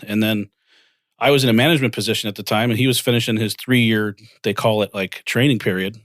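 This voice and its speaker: This lowish-voiced man talks fast, performing the voices of people from his career as he tells the story in a casual interview. He's in his forties and a co-founder of a financial firm, and his delivery is animated. Clean studio sound, no echo.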